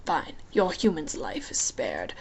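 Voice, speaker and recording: A smug, lustful god of the underworld, as a woman reading aloud puts him on, hissing his lines in a low, breathy whisper. He sounds mocking and unhurried, more menacing than loud, in a homemade audiobook reading. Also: huge pitch swings, full character voice. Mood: cold.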